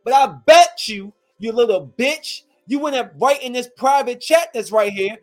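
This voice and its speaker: A high-pitched man in his thirties rants straight at his viewers, heated and confrontational, swearing freely. His voice sits well above the usual male range. Soft music plays faintly underneath. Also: lively intonation, unhurried. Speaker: streamer addressing his viewers. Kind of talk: angry rant to camera.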